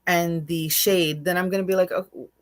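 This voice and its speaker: A woman's voice: lowish voice, steady tone, normal speed. Candid, emotional woman in casual chat. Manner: emotional, candid, restarts and repeats words. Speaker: co-host.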